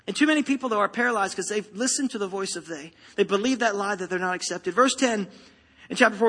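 In a church sanctuary filled with long, large-hall reverb, a male pastor rouses his congregation with an emphatic sermon aimed right at them. He talks at a quick pace in a high-pitched, bright, forceful voice.

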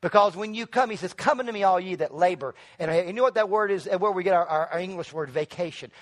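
A middle-aged male pastor preaching a sermon in church, calling on the congregation to answer back and building to loud emphatic peaks. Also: sits high, quick pace. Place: church sanctuary.

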